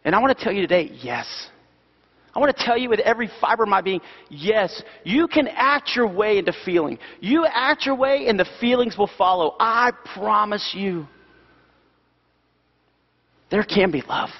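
A middle-aged man preaching a sermon in a church, animated and repeating key phrases for emphasis. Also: sits high. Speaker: pastor. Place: church sanctuary. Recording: dull sound with long hall reverb.

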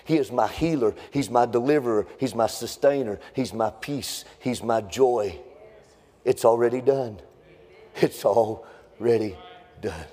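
A man preaching a sermon, building into a fervent, sing-song, near-shouting cadence. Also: mid-range voice, moderate pace. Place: church sanctuary. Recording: long reverb in a church hall.

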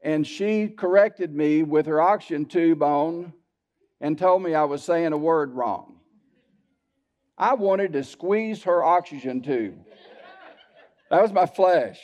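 A man's voice: a little high, takes it slowly, pauses often, darkish tone. A male pastor preaching a sermon, telling personal stories in a folksy way and turning often to the congregation. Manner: folksy storytelling with asides to the congregation. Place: church sanctuary. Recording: dull lo-fi church sermon recording.

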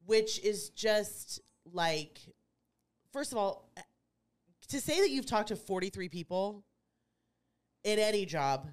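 A woman's voice: mid-range voice, expressive, slow, long pauses. A woman, co-hosting a casual podcast as an insurance agent, chatty and rambling. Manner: chatty, rambling, laughs easily. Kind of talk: casual chat.

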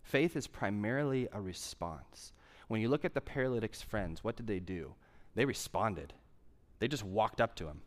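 A man's voice: lowish voice, animated, normal speed. A young man preaching a sermon in a conversational style, driving points home with emphatic repetition. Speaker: pastor.

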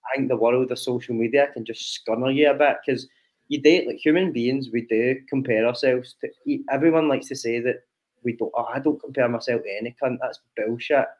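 A man's voice: mid-range voice, steady tone, moderate pace, darkish tone. Sweary Scottish man, slightly dull recording. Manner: frank, sweary, reflective. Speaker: podcast co-host, online coach. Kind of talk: casual chat.

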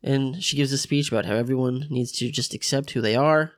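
A man's voice: mid-range voice, a little fast. Male podcast host, laid-back and joking, chatting with friends. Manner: laughing, joking banter. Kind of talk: casual chat.

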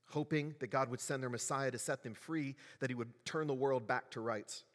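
A male pastor delivers a sermon at a middle pitch, talking to the congregation in a conversational way and asking them questions. His voice rings with the long reverb of a large church hall. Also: moderate pace, few pauses.

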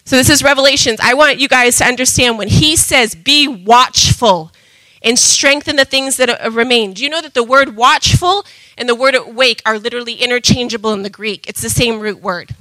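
A woman preaching a sermon with passion, going from loud emphatic calls to soft asides. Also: a little high, moderate pace, no room sound, rough recording.

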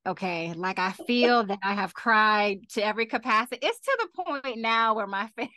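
A woman author answering podcast interview questions, talking animatedly and laughing often, her voice leaping up when she gets excited. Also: medium pitch, normal speed, no echo. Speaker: author and guest.

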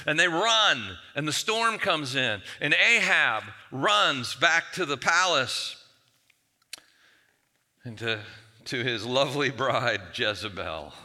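A man's voice: mid-range voice, sing-song, takes it slowly, bright, forceful tone. A male pastor telling a Bible story in a conversational, humorous sermon with frequent restarts, recorded in a church. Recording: long church reverb.

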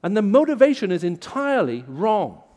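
A man with an English accent, raised in the Middle East, preaching a sermon in an auditorium and telling stories, rising loud for emphasis. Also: sits high, big pitch swings, normal speed, in a large hall. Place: large auditorium.

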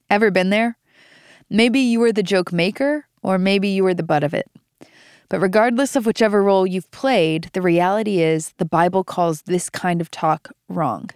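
A woman's voice: medium pitch, moderate pace, a little mellow, smooth, dry recording, clean studio sound. A young adult woman hosting a devotional podcast, reading scripture aloud and teaching it with earnest emphasis. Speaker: podcast host.

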